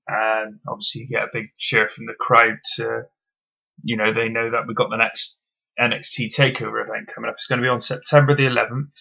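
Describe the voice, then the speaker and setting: A man talks through a wrestling show in a blunt, opinionated review, swearing freely and filling pauses with ums. His voice is bright and gravelly with some fry. The recording is dull and lo-fi. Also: medium pitch, level tone. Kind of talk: casual solo review.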